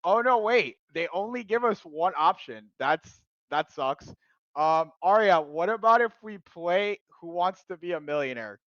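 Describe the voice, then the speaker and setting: A man hosting a casual live stream, excitable, laughing loudly and filling pauses with ums. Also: high voice, no room sound. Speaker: streamer host. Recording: dull lo-fi dry sound.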